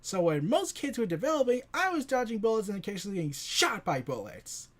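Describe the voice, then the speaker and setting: Brief: a sarcastic young hero, voiced by a reviewer, quick and lively, listing his misery. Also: mid-range voice. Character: bitter young male superhero complaining about his life.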